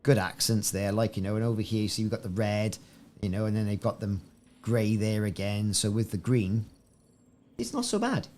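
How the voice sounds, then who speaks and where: A man's voice: fairly low pitch, flat delivery, fairly quick, darkish tone, slight background noise. Chatty, rambling man. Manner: rambling, chatty, greets viewers by name; musing, repeats himself often. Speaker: game streamer. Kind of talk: live-stream gameplay chat.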